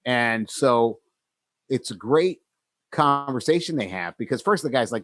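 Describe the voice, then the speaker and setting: A man's voice: mid-range voice, animated, measured pace, a bit bright, no echo. Dry-sounding man retelling a story. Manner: retells scenes acting out characters' lines. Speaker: podcast co-host. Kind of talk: casual storytelling chat.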